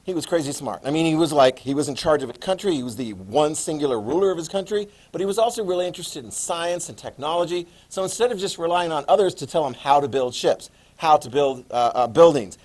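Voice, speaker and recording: A man in his fifties giving a classroom history lecture, lively and joking, acting out quotes. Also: a little high, fast, hardly any pauses. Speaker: history teacher.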